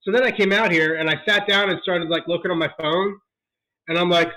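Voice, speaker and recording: A man's voice: high voice, fairly even intonation, fairly quick, pushed and bright, rough recording. A man co-hosting a podcast, chatting crudely and laughing at his own stories. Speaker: podcast co-host. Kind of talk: crude casual chat.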